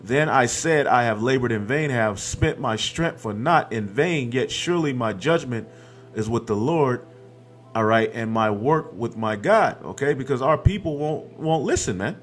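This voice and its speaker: A man's voice: medium pitch, lively intonation, normal speed. Guy preaching off scripture, keeps saying okay and man, faint music underneath. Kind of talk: scripture-reading sermon.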